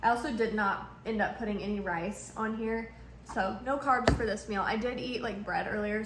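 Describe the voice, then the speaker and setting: A woman's voice: fairly high pitch, a bit bright, a little hiss or hum. A young woman, talking casually to her phone camera in a rambling vlog, full of "like" and "literally". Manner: chatty, rambling, lots of "like" and "literally". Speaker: vlogger. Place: at home, in bed, and in a car.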